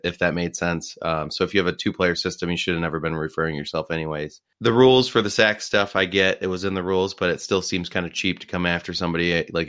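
A man's voice: low-pitched, fairly bright tone, clear, resonant tone. A man co-hosting a podcast, chatting casually and giving his opinions. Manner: conversational, opinionated. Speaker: podcast co-host. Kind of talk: casual chat.

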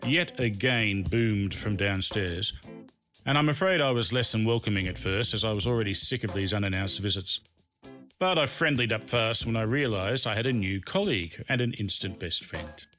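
A man's voice: on the low side, animated, normal speed, fairly bright tone. A middle-aged man, reading a humorous memoir of his own with dry, self-mocking wit. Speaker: memoir narrator. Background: background music.

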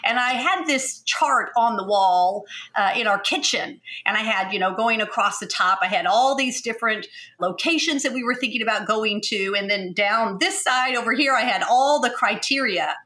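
Bright animated woman telling a story. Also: on the high side, moderate pace, few pauses. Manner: animated storyteller, acts out quoted dialogue, laughs often. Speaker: podcast guest, agency founder. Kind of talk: storytelling interview answer.

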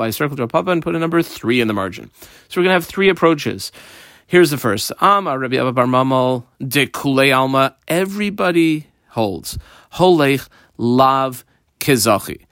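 A man teaching a Talmud page line by line in a lively, playful way, acting out the characters with modern examples. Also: medium pitch, dry recording, clean studio sound.

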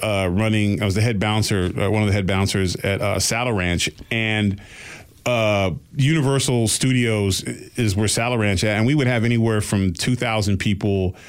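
Relaxed man telling a story. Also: on the low side, moderate pace, smooth. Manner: animated, relaxed storyteller, lively voices for quoted people. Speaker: podcast guest telling a story. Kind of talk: casual storytelling.

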